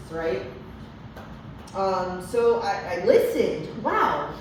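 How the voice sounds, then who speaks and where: Slow and lowish, her voice swings widely in pitch and she pauses often, with slight background noise behind her. The young woman tells a group about her recovery with frank profanity and frequent fillers, heard through a distant mic in an echoey room.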